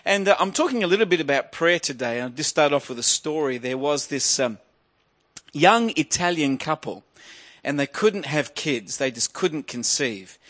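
A man's voice: on the high side, animated, moderate pace, a bit bright. A middle-aged male preacher giving a sermon, joking and restarting phrases, then building to emphatic preaching.

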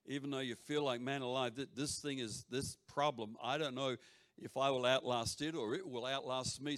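Animated pastor preaching. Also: male voice, medium pitch. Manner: animated, shouts and drops to near whispers; jokey asides to the congregation. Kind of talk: sermon. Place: church hall before a congregation. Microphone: handheld or stage mic.

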